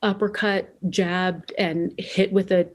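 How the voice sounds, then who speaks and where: A woman's voice: fairly low pitch, fairly even intonation, takes it slowly. A woman in her forties, a podcast guest, telling a personal story with candid emotion and acting out remembered dialogue. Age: 40s. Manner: candid and emotional, searching for words. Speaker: podcast guest, author and speaker.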